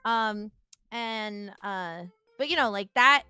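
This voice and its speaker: A young woman hosting a stream tells a story in casual chat, animatedly acting out the people she quotes. Her mid-range voice is smooth and unhurried, with no echo and faint music behind.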